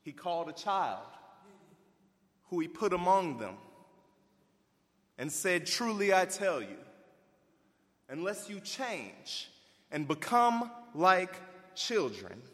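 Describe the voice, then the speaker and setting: A man preaching a sermon, animated and folksy, swinging between loud emphasis and hushed asides. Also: high-pitched, in a large hall. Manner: folksy, addresses listeners as y'all.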